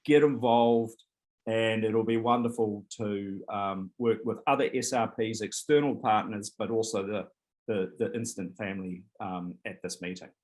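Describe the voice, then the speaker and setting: A man's voice: on the low side, steady tone, normal speed, darkish tone, rough recording. Enthusiastic man presenting his programme. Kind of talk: online presentation.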